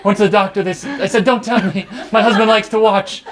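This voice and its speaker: A gushing, clingy wife, as a man puts her on in an improvised stage comedy scene. The voice sits high and bubbles over with affection. A noisy live stage recording is heard behind it. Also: fairly even intonation, fast talker, lightly acted. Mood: excited. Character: flustered wife, woman, excited and clingy. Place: live stage before an audience.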